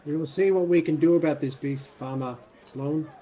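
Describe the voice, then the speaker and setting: A man speaks in character at a tabletop role-playing game, courteous and a bit formal. His voice sits slightly higher than typical for a man. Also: moderate pace, mellow. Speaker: player.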